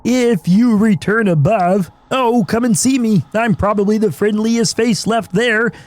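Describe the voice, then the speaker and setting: A hoarse man voicing a nerdy old male bug shopkeeper in a fussy put-on voice, reading game dialogue aloud. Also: high-pitched, unhurried, darkish tone, voice pushed up. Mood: polite. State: hoarse from illness.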